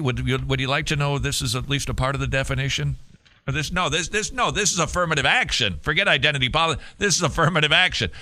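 A male talk radio host with a strikingly bright, forward voice. He reads out news stories and cuts in with sarcastic, animated remarks. His delivery keeps a lively, mocking edge throughout. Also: medium pitch. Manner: sarcastic, animated, quick to laugh.

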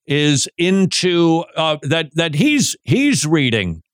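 A man teaching in a sermon style, animated and joking, with many rhetorical questions. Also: on the high side, slow, no room sound, clean studio sound.

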